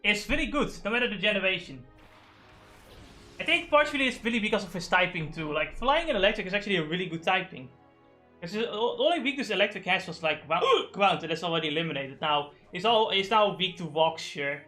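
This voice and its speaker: A man's voice: high voice, a little fast, faint music behind. A young man streaming a game live, rambling and swearing while he has the hiccups. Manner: rambling, profane, excitable. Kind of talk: live gaming stream chat.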